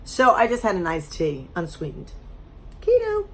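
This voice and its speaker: A woman vlogger telling a story to camera in a blunt, animated way, swearing freely, her voice a little strained as she loses it. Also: mid-range voice, normal speed, slight background noise. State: losing her voice.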